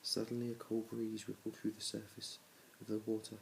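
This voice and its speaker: Low gravelly dad reading a storybook. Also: male voice, monotone, a little fast, a little hiss or hum, low-quality recording. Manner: plain reading with small restarts, little change between characters. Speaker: parent reading aloud to his children.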